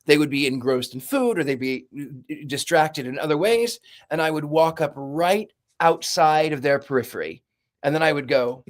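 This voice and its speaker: A man who works as a paranormal investigator and medium, telling lively stories in a casual podcast chat. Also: on the high side, moderate pace. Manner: animated storyteller, acts out voices and screams.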